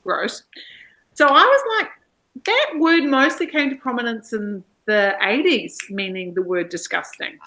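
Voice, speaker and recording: Bright chatty Australian woman. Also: on the high side, lively intonation, a little slow, poor audio. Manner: chatty, with bursts of laughter. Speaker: book club co-host. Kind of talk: casual book discussion.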